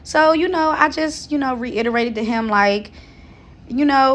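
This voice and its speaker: A woman's voice: mid-range voice, fairly even intonation, moderate pace, a bit bright. A pregnant woman in her thirties telling a personal story in a casual vlog, earnest and talkative, with many fillers and restarts. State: seven months pregnant. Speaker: vlogger.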